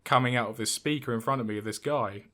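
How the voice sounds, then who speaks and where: A man's voice: mid-range voice, moderate pace, fairly bright tone. A man of twenty-one, a podcast co-host, telling a story in casual chat with many fillers and restarts.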